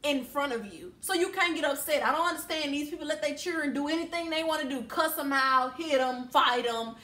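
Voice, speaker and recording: A woman's voice: sits high, a little fast, sharp tone. A young woman from Louisiana telling a storytime to camera in a blunt, heated, emphatic way. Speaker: vlogger. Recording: echoey room.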